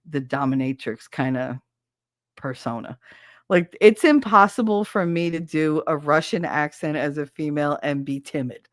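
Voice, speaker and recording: Recorded dry in a clean studio, this podcast host has a low voice and a Southern accent. She keeps the chat casual, laughing a lot and speaking frankly, with plenty of profanity.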